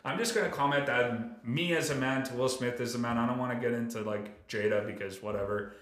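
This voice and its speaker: A man's voice: mid-range voice, brisk, roomy sound. A man hosting a podcast, ranting in casual chat with lots of swearing. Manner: animated, profane ranting. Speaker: podcast host.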